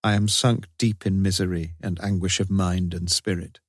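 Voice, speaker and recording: Grieving father's diary voice, low and dry, solemn and despairing, as a narrator reads it. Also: level tone, normal speed, no room sound. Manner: solemn, despairing, theatrical reading. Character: anguished, grieving father writing a confessional diary.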